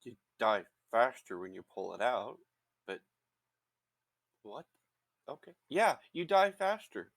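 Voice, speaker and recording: A man's voice: mid-range voice, big pitch swings, slow, creaky, long pauses. A man playing a character in a tabletop role-playing game, in a casual, joking way. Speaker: player.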